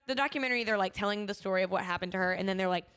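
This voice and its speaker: Racing along in a smooth, medium-pitched voice, a female podcast co-host spins animated stories. Laughter comes often in her casual conversation.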